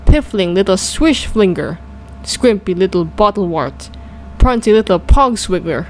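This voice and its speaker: A woman voicing a huge, brutish man-eating male giant who booms and shouts insults. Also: animated, a little slow, slight background noise, close to an everyday voice. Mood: bullying.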